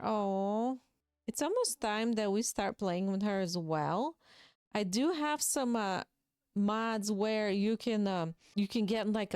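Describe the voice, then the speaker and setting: Woman, casual game commentator, smooth clear tone, dry close mic. Chatty, talks to viewers. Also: medium pitch, a little mellow, no echo. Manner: chatty, emotional asides to viewers. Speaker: gaming video creator.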